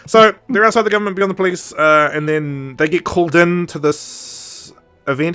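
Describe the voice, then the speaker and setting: A man's voice: high voice, brisk, a bit bright, soft background music. A man co-hosting a podcast, chatting casually and rambling through jokes and silly impressions. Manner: rambling, jokey, mimics characters with sound effects. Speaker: podcast co-host. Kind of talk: casual chat.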